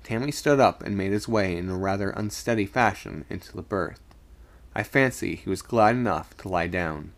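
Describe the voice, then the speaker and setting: A man reading a spooky story aloud on a live stream, raising his voice for the shouted lines. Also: low voice, moderate pace, gravelly.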